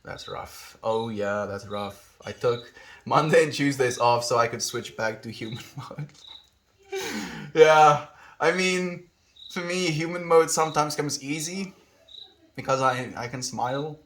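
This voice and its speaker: A man's voice: mid-range voice, measured pace, fairly bright tone. A young man streaming live, chatting casually with viewers, easygoing and affectionate, laughing often. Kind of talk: casual livestream chat reading viewer comments.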